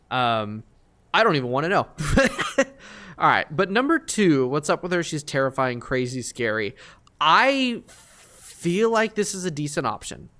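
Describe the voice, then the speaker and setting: A young man live-streaming a game, reasoning aloud through his choices, excitable and full of fillers. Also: fairly high pitch.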